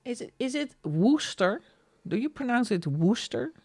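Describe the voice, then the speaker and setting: A Dutch woman from the Netherlands, speaking with a Dutch accent, chats casually with viewers while colouring on a live stream. Her voice is on the high side, very animated, moderately paced and a little mellow; she laughs often and reads the chat aloud.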